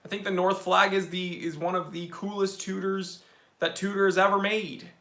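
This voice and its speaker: A man hosting a casual live stream about watches, opinionated and animated, answering viewer questions. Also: sits high, normal speed, echoey room.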